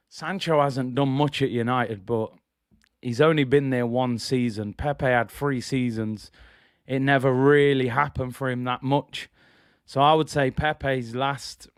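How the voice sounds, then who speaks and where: A man's voice: mid-range voice, smooth, no echo, clean studio sound. Opinionated man hosting a football watch-along. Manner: opinionated, reads chat messages aloud. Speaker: live stream host.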